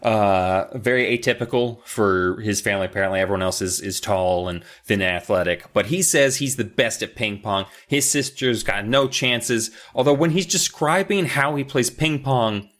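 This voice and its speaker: A man's voice: lowish voice, moderate pace, hardly any pauses, fairly bright tone. A man co-hosting a podcast, recapping a book in casual, rambling, jokey chat with some swearing. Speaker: podcast co-host.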